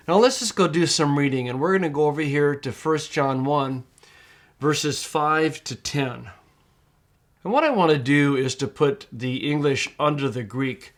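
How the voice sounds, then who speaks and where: A man teaching Greek pronunciation in a screencast tutorial, reading words aloud slowly and patiently, syllable by syllable. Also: fairly high pitch.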